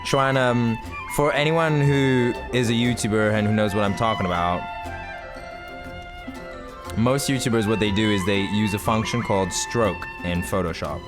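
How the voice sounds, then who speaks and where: A man's voice: fairly low pitch, normal speed. A man doing playful let's play commentary, reading game text aloud and laughing at himself, close to the mic. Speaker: gaming YouTuber. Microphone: mic in front of face. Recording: game music behind.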